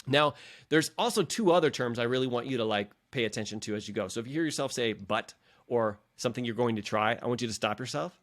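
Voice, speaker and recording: A middle-aged man speaks in an earnest, encouraging tone to his podcast listeners. His pitch sits in the ordinary middle range for a man. His delivery is loose and conversational, full of restarts. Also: fast talker, a bit bright. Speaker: podcast host and leadership coach. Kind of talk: casual motivational podcast talk.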